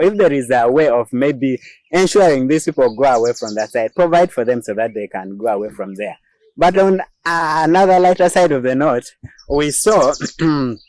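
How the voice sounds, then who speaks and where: This mid-range, darkish voice with no echo belongs to a man from Uganda who speaks with a Ugandan English accent. As host of a laid-back news commentary show, he jokes and chats, laughing frequently and filling his speech with fillers.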